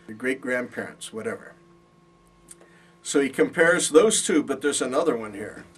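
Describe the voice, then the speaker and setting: A man lectures a Bible college class, patiently explaining and checking in with his students, heard from a distance in the classroom. His mid-range voice is expressive and slightly rough, at a normal speed.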